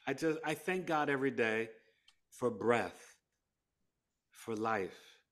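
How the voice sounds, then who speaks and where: A man from New York with a New York accent, a podcast guest telling his story in an animated way, acting out quotes and often laughing. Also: mid-range voice, slow pace.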